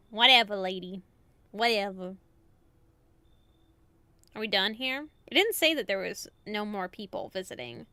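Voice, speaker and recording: Woman game streamer, bright clear voice, dry close sound, excitable, swears and laughs. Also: mid-range voice, a little slow, long pauses, no echo. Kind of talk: game live stream commentary.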